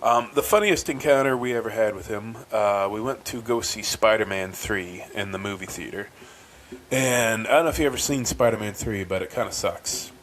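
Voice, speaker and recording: A man's voice: fairly low pitch, normal speed, fairly bright tone, rough recording. A man hosting a podcast, telling a rambling, casual story with many ums and restarts. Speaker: podcast host. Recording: faint background noise.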